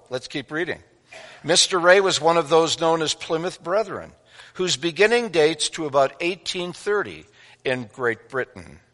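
Bright-voiced male pastor in reverberant hall. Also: fairly high pitch. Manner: conversational, asks the congregation questions. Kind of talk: sermon. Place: church sanctuary.

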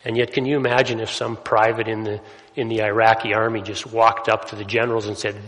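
A man's voice: fairly low pitch, level tone, quick pace, fairly bright tone. A man preaching a sermon in a conversational way, often checking in with "right?" asides as he explains scripture. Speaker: pastor. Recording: long hall reverb.

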